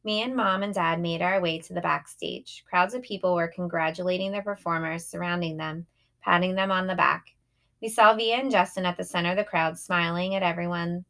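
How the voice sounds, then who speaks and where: A woman's voice: on the low side, sharp tone. A woman reading a first-person children's novel aloud in a plain, youthful narrating tone. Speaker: audiobook reader.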